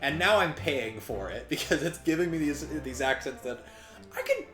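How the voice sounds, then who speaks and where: A man's voice: on the high side, expressive, normal speed, reverberant, over music. A man streaming a story game with his wife, reading its lines in put-on voices, often laughing, groaning and swearing. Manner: puts on character voices and accents while reading. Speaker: let's play streamer.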